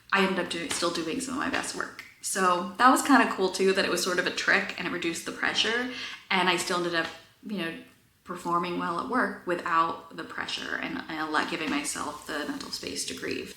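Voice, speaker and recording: A woman in her thirties talking candidly to the camera in a personal vlog, earnest, with fillers and soft laughs. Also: on the low side, moderate pace, reverberant, a little hiss or hum. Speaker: vlogger.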